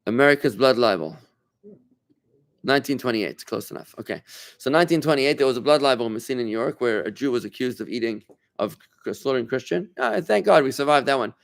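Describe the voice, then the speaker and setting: A man's voice: medium pitch, lively intonation, quick pace, gravelly. A rabbi leads an informal class for a small group gathered in a room. He talks in a loose, conversational way, often restarting his sentences. He keeps turning to his listeners with questions.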